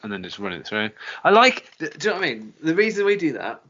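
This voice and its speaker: A man's voice: on the high side, big pitch swings, quick pace, pushed and bright. A man hosting a podcast in casual, rambling chat, swearing and laughing as he goes. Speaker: podcast host. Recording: dull lo-fi podcast audio.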